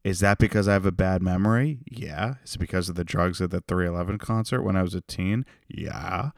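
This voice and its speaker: A young man hosting a solo comedy podcast, ranting in an unhinged way that swings from creepy whispers to loud outbursts. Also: low-pitched, fairly quick, creaky, no room sound, studio quality. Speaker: podcast host.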